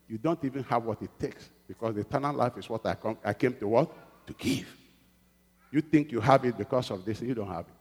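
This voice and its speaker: Husky preacher in a reverberant church. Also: male voice, mid-range voice. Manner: swings from hushed pleading to loud exhortation, calls for amen. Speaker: pastor. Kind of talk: sermon. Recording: long reverb of a church hall.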